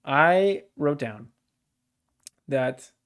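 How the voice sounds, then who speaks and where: A man's voice: fairly high pitch, animated, drawn-out words, a bit bright. A man co-hosting a casual book discussion podcast, blunt and exasperated, swearing freely as he pushes back. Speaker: podcast co-host.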